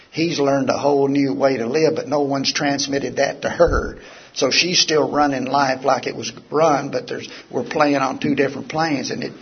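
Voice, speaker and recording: Man, raspy gravelly voice, live lecture, conversational storytelling, dull lo-fi recording. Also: mid-range voice. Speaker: lecturer on addiction recovery. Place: meeting hall with audience.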